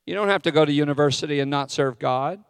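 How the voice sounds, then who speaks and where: A man's voice: a little high, fast, smooth. A middle-aged man preaching a sermon as a pastor, candid and self-deprecating in his asides. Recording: long hall reverb.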